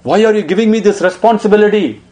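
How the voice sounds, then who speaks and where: A man's voice: mid-range voice, expressive, moderate pace, darkish tone, close to an everyday voice. A man voicing a young prince who pleads in tears, desperate and sobbing. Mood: pleading.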